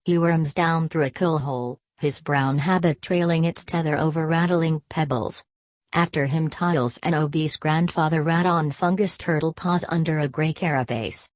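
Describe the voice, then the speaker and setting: A woman narrating a novel aloud in a measured, even reading manner. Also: deep voice, no echo. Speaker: audiobook narrator. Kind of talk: scripted literary narration.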